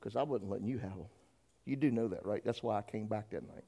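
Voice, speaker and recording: A man preaching a sermon and telling his own story. He talks straight to the congregation and moves between quiet storytelling and shouted preaching. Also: on the low side, fast talker, vocal fry. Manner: addresses the congregation directly. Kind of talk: sermon with personal testimony.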